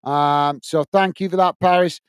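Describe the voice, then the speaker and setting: A man's voice: on the high side, steady tone, normal speed, clean tone, dry recording, studio quality. A man hosting a live football watch-along, chatting to viewers and reading their comments aloud. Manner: chatty, addresses viewers as guys and mate.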